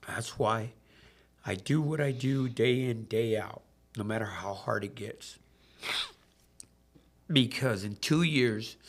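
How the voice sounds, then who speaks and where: A man's mid-range voice with vocal fry and a slightly bright edge. Originally from Southern California and now in recovery, he's a podcast guest telling a personal story loosely, swearing freely and voicing each person differently as he acts out the exchange.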